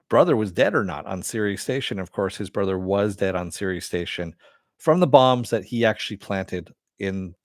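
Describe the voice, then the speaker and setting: A man's voice: sits low, no echo, studio quality. A man hosting a casual live-stream TV review, rambling with many fillers and frequent chuckles. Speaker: show host.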